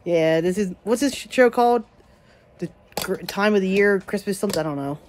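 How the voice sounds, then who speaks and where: A woman vlogging casually at home, rambling excitedly and chatting to her pets. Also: medium pitch, fairly quick, slight background noise. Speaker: daily vlogger. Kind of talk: casual rambling vlog chat. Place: at home, yard and indoors.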